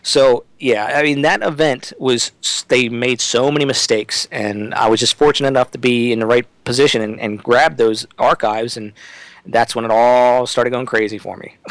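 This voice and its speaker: A man's voice: mid-range voice, fairly even intonation, moderate pace, no room sound, rough recording. Man guest with a dry close sound. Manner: emphatic, restarts his sentences often. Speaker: interview guest. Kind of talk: conversational talk-radio interview.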